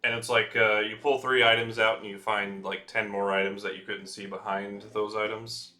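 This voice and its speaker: Easygoing male game master, bright forward tone, loose delivery full of fillers and chuckles. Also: on the low side, flat delivery, normal speed. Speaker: dungeon master. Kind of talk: narrating a tabletop game.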